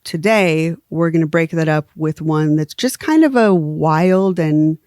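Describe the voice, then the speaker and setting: Chatty low-voiced woman podcast host. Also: unhurried, no room sound, studio quality. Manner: laughs often, relaxed and chatty. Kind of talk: casual chat.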